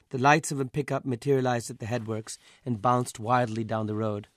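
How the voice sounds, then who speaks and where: A man's voice: mid-range voice, fairly even intonation, a little fast, dry recording. Man reading his own story, dry sound. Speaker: author reading his fiction. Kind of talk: literary reading.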